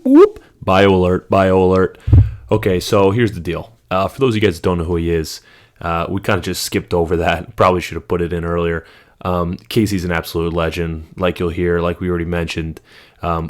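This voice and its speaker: A man co-hosting a podcast, reading a guest's bio in a loose, joking way. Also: low-pitched. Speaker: podcast co-host. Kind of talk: casual podcast chat.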